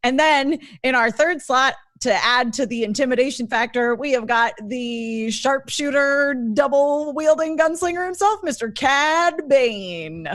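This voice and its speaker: Giggly enthusiastic woman, higher voice, super dry close mic. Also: animated, measured pace, few pauses, fairly bright tone, no room sound. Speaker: co-host. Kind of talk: casual chat.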